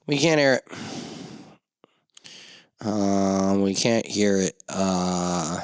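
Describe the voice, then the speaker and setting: A man hosting a solo podcast, rambling and swearing through self-mocking rants with sudden loud outbursts into a studio mic. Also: low-pitched, steady tone, unhurried, pauses often, clean tone, no echo. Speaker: podcast host.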